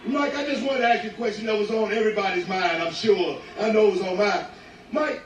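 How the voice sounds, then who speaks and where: A man joking loudly on stage in a slangy, playful way. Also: sits high, fast. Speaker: comedian. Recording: echoey, distant, noisy.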